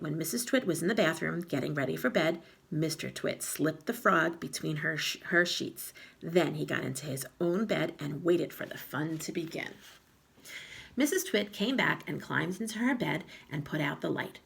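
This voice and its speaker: A woman reading a children's storybook aloud in a lively voice, with small slips. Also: low voice, vocal fry, breathy edge. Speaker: reader of a children's book.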